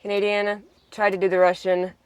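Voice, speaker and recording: A woman's voice: mid-range voice, level tone, moderate pace, clear, resonant tone, no room sound. A young woman from the United States, a farm vlogger, chatting playfully and giggling with her sibling inside a vehicle. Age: young adult. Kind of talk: casual chat.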